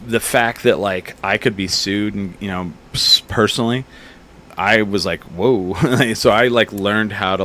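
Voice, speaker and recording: A man in his thirties hosting a podcast, telling bar-fight stories in a casual, profane, animated way. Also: lowish voice. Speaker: podcast host. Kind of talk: casual storytelling chat.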